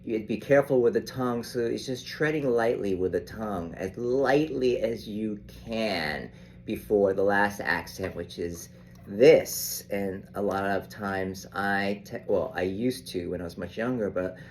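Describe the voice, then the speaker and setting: Older male sax teacher, low voice, slow, rambling with restarts. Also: a little hiss or hum. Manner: unhurried, rambling, with frequent restarts. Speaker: saxophone teacher. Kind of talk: casual instructional talk.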